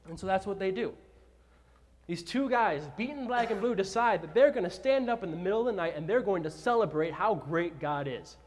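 Male pastor, sermon, animated storyteller, slightly high voice. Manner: animated storytelling, dramatizes scripture.

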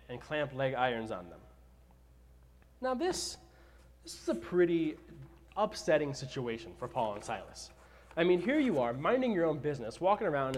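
Animated storytelling preacher, a man. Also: a little high. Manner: animated storytelling, dramatizes scripture. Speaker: pastor. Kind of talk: sermon.

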